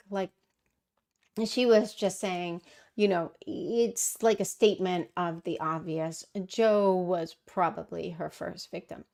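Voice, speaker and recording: A middle-aged woman takes her time speaking on a casual livestream she hosts, her mid-range voice a little mellow with vocal fry. She answers viewer questions thoughtfully, frequently pausing on fillers and restarting.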